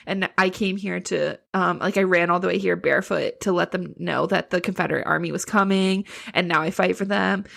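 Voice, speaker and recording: A woman's voice: on the low side, steady tone, a little fast, creaky, hardly any pauses, fairly bright tone. A woman voicing a plain-spoken soldier man. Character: grateful adult male soldier.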